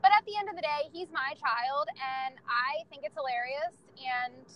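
A woman's voice: high voice, moderate pace, muffled recording, a little hiss or hum. A young woman telling candid, profane stories about her family in casual chat, laughing often.

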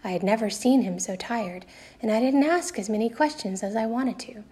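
A woman reading a first-person novel aloud for a class, in steady storytelling. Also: on the high side, normal speed. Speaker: reader.

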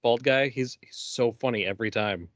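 Dry-sounding, laid-back podcast co-host. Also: male voice, mid-range voice, normal speed, a bit bright, dry recording. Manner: brief, agreeing replies with short comments. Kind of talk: casual chat.

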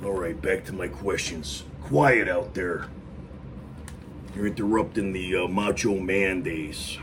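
A man's voice: fairly low pitch, a little hiss or hum. A man answering fan questions in a casual live stream from home, rambling with lots of fillers and "you know what I mean.". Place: home with dogs barking nearby.

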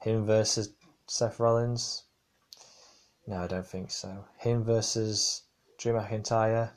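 A man talks through a casual solo podcast in a somewhat low voice. He rambles and restarts his sentences, leaning on fillers as he goes. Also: little pitch movement, slow. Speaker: podcast host. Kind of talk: casual wrestling review podcast.

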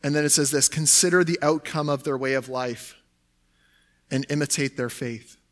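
A man's voice: a little high, moderate pace. Conversational man preaching a sermon. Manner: conversational, with frequent "like" and "right?". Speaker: pastor.

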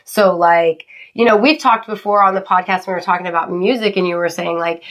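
A woman's voice: on the low side, fairly quick, a bit bright. Chatty swearing woman co-host. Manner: chatty, swears freely, tearful when moved. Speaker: podcast co-host. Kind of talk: casual chat.

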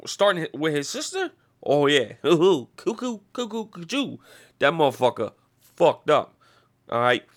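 A man holds forth on a casual podcast, cursing freely as he rambles from point to point. His voice sits a little high for a man and leaps around with lively energy. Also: normal speed. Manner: rambling, heavy swearing, animated. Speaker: podcast host. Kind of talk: casual profane rant.

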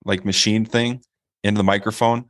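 A man co-hosting a casual sports podcast, easygoing and quick to agree. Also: on the low side, little pitch movement, dry recording, studio quality. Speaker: podcast co-host.

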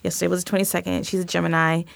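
A woman's voice: lowish voice, little pitch movement, rapid-fire, vocal fry, dry recording. A woman hosting her podcast, chatting casually in a bubbly, gushing way with frequent laughs. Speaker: podcast host. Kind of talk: casual interview chat.

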